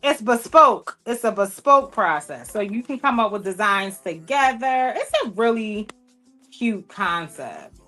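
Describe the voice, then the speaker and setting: A woman's voice: medium pitch, lively intonation, measured pace, sharp tone, faint music behind. A woman hosting a sewing livestream, chatting playfully with viewers and people off camera, with speech. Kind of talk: casual livestream chat while sewing.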